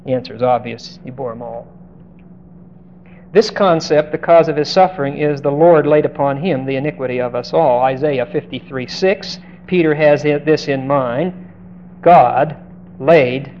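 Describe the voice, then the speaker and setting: This preacher's voice is fairly high and his speed normal as he emphatically expounds a Bible passage. He elongates key words and asks his hearers direct questions, heard through a dull lo-fi recording with slight hiss.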